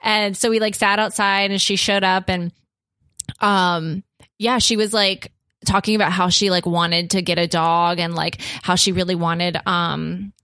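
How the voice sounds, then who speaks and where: A young adult woman telling a long story as a podcast guest, chatty and full of "like" and "um", switching into a higher voice to act out what others said. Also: level tone, a little slow, bright, forceful tone, no room sound, studio quality. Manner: chatty, heavy use of "like" and "um"; acts out others' lines in a raised voice. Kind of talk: casual storytelling.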